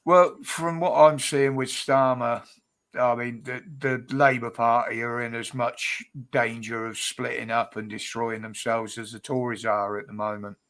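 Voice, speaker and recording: A man's voice: mid-range voice, flat delivery, unhurried, a bit bright. A man hosting a casual livestream chat, rambling, laughing and cheeky. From United Kingdom. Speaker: livestream host.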